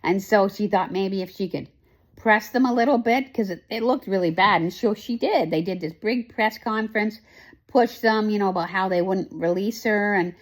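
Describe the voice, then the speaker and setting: A woman talks through a TV show she has been watching, in a loose, casual way. She rambles and restarts often, and her voice sits in a middle pitch. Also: normal speed. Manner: emotional, rambling, many fillers and restarts. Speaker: host. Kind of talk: casual chat, recapping a TV show.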